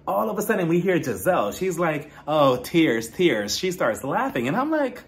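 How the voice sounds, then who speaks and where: A man with a fairly high voice that swings all over the place, giving an opinionated reality TV recap. He talks straight to his viewers and is blunt in his takes. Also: sing-song, fairly quick, creaky. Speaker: reality TV reviewer. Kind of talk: casual recap commentary.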